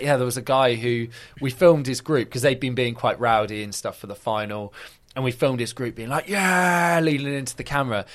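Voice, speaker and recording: An animated young man with a medium-pitched voice tells stories as a guest in a casual interview chat. A football video presenter, he acts out quoted voices and uses lots of filler.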